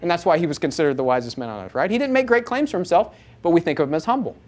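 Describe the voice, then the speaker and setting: A man teaching a live audience, animated, asking them many rhetorical questions. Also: fairly high pitch, rapid-fire. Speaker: Bible teacher.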